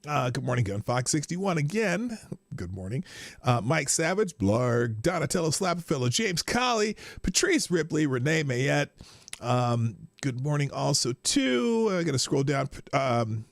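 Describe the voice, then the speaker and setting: A man's voice: fairly high pitch, sing-song, a little slow, vocal fry, dry recording, clean studio sound. A man hosting a casual live stream, rambling about his day and greeting viewers by name. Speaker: livestream host.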